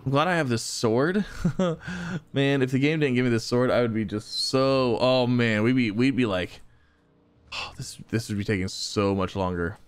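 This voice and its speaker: A young man giving excitable let's-play commentary, chuckling and talking to the enemies he fights. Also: medium pitch, unhurried, clear, resonant tone. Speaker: gaming YouTuber.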